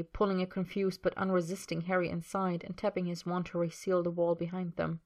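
A woman reading a story, low voice. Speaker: narrator.

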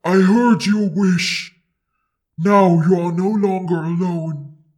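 A woman voicing a huge, proud, possessive dragon who speaks slowly and scornfully in an audio story. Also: fairly even intonation, a little mellow, slightly rough. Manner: slow, booming, scornful.

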